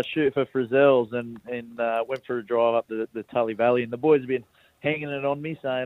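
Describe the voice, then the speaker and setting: A man's voice: mid-range voice, steady tone, brisk, dry recording, phone-quality sound. Young man, rural australian accent, easygoing guest on the phone, self-mocking, dry sound. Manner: laid-back, self-mocking, laughs easily. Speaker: rugby league player guest. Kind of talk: casual radio interview.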